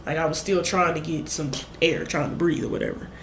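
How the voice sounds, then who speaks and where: A woman's voice: low-pitched, fairly quick, a little hiss or hum. A young woman, retelling a story in a casual, rambling way and acting out her own lines. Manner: animated, rambling retelling with acted-out quotes. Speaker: vlogger. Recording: echoey room.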